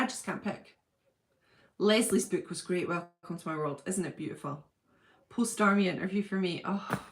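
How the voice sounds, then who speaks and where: A woman hosting a casual livestream from home, reading out viewer comments in a gushing, chatty way with plenty of fillers. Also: medium pitch. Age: adult with a husband and school-age children. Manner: chatty, gushing, thinks aloud with many fillers. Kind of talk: casual live-chat.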